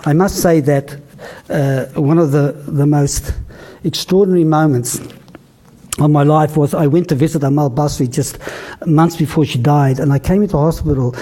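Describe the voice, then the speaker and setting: An older man tells a story at a public lecture. His delivery is halting and full of restarts. His voice sits a little high with a mellow tone. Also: steady tone. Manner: halting, many restarts and fillers. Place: lecture hall.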